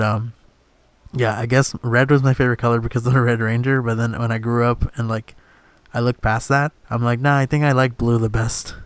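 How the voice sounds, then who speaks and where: A man's voice: mid-range voice, dry recording. A young man casually commenting on a video game, jokey and rambling with frequent laughs. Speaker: let's play host. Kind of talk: casual gameplay commentary with comic voice-overs.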